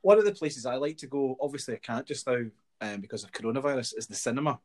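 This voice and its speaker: A man's voice: medium pitch, quick pace. Sweary man in his forties. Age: 40s. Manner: animated, sweary ranting with laughter. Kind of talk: casual chat.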